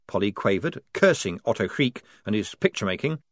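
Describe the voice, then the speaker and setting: Expressive male audiobook narrator. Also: fairly low pitch, brisk, hardly any pauses, no echo, clean studio sound. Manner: expressive, varied storytelling. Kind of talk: scripted narration.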